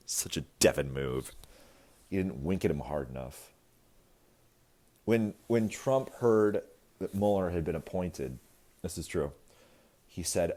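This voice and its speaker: Male comic, low register, wide swings in pitch; casual, profane rehearsal routine with quick character bits. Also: expressive, warm tone. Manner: swears casually, laughs at own jokes. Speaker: stand-up comedian. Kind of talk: stand-up comedy routine. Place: rehearsal space.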